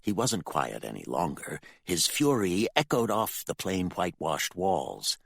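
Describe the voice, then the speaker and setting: A man narrating a dark fantasy audiobook with expressive, dramatic storytelling. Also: deep voice, measured pace, vocal fry, husky, dry recording, clean studio sound.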